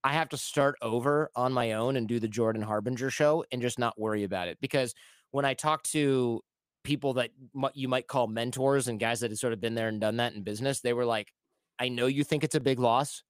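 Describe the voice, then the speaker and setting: Man in his thirties, podcast guest, lively storyteller who acts out voices, mid pitch, dry close sound. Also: a little fast, smooth, dry recording. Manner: animated, acts out quoted voices. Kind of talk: casual storytelling.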